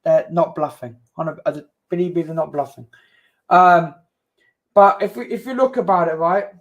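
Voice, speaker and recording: A man co-hosting a livestream sounds a little high and talks at a moderate pace. The chat is heated, and he answers defensively, saying the same things again and urging everyone to "calm down."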